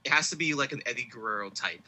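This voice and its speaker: A man's voice: medium pitch, rapid-fire, bright, forceful tone, poor audio. A man co-hosting a podcast in casual chat, arguing his points and jumping in to counter. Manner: argumentative, interjecting. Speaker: podcast co-host.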